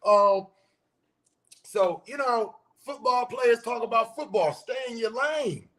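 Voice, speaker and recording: A social media commentator rants in a casual vlog, blunt and profane, firing off rhetorical questions, repeating his points, and mocking the voices of commenters. His voice is extremely high-pitched yet slow and animated, with a slightly bright tone.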